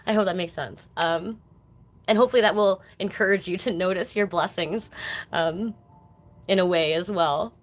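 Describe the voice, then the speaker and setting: Speaking at a normal speed with a fairly low voice, a woman does a relaxed tarot reading on a live stream. She's chatty and warm with her audience, addressing them as baby.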